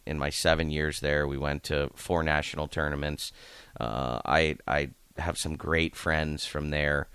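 A man's voice: rumbling low, a bit bright, smooth, no echo. A man from Ohio, a coach, telling long, rambling anecdotes in a casual interview and acting out the voices of the people in them. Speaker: hockey coach.

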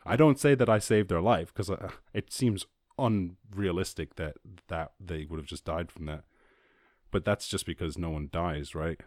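A young Irish man hosting a casual solo podcast, rambling and swearing freely, acting out quotes in a higher voice. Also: normal speed, a little mellow, no room sound, clean studio sound. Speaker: podcast host.

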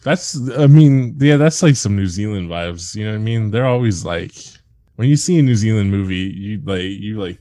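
Low-voiced sarcastic man in dry sound. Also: animated, normal speed, dark tone, no room sound. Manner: sarcastic, profane, laughs often. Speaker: podcast co-host. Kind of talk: casual chat.

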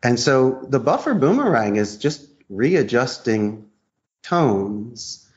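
A man being interviewed as a guest, talking in a lively, theatrical way, laughing often as he acts out sales calls. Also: medium pitch, takes it slowly. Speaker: guest, customer service trainer. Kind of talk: animated interview talk acting out sales calls. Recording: muffled lo-fi audio.

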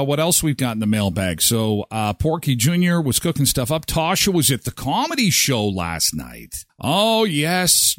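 A man's voice: a little high, dry recording, clean studio sound. A man from Canada hosting a casual live morning show, chatting and reading sponsor spots. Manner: chatty and animated, jumps into quoted voices.

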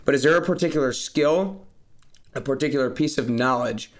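A male podcast-style host with a mid-pitched voice, eager and quick to react. He asks his questions in a loose, halting way, restarting phrases as he goes. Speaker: interview host. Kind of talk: conversational interview.

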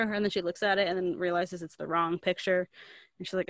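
A woman's voice: medium pitch, fast talker, a bit bright, no room sound. A woman in casual chat, retelling a story in a rambling way, saying "like" constantly and acting out the quotes. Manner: rambling, fillers 'like' constantly, acts out quotes.

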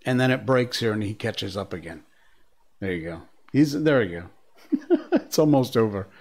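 A man hosting a live stream, reacting to clips and telling stories in a rambling, excitable way with frequent laughs. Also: fairly low pitch, normal speed. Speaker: livestream host. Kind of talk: casual live-stream commentary.

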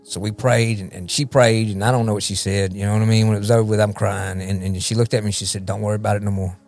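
A man speaks quickly in a fairly low, steady, slightly mellow voice over soft background music. He's a podcast guest and recovery ministry leader sharing his testimony, wandering in his telling, repeating words, and often asking "you know what I mean?"

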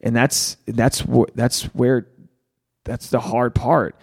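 A man's voice: medium pitch, flat delivery, takes it slowly, darkish tone, breathy edge. A man hosting a podcast, talking candidly and animatedly, swearing freely and acting out quotes. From Rhode Island. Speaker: podcast host, standup comedian.

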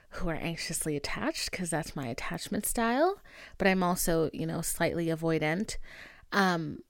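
Young female podcast host, casual and animated, acts out dialogue; dry, close sound. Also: lowish voice, no echo. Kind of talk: casual chat.

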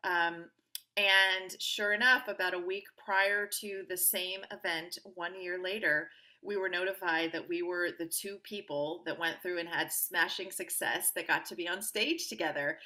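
A woman with a bright, clear voice talks through her own stories as a podcast guest. She is upbeat and animated and acts out the voices of the people she quotes. The delivery is loose and conversational. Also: lowish voice, unhurried. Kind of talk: conversational interview storytelling.

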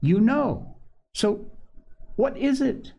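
A man voicing a kind, gentle doctor who coaxes a small child in a storybook reading. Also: very high-pitched, big pitch swings, drawn-out words, creaky, highs cut off, pitched above the performer's own voice, exaggerated voice. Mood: coaxing. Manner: gentle, coaxing.

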